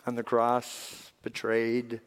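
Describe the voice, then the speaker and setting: Guy preaching a sermon, loud then real quiet, echoey church sound. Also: mid-range voice, monotone, slow pace, smooth. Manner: dynamic preaching, swings from loud emphatic to soft and hushed. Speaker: pastor. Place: church sanctuary. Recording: long reverb of a large hall.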